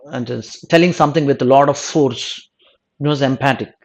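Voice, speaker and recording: A man's voice: mid-range voice, moderate pace, darkish tone. A male exam coaching teacher working through test answers, often restarting and rephrasing as he talks. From South India. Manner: repeats himself, rephrases mid-sentence, asks "no?".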